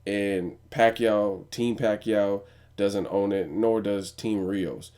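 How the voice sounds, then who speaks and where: A man's voice: on the low side, fairly even intonation, slow, darkish tone, clear, resonant tone. A young man giving a blunt, profane, opinionated commentary as a vlogger host. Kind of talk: casual news commentary.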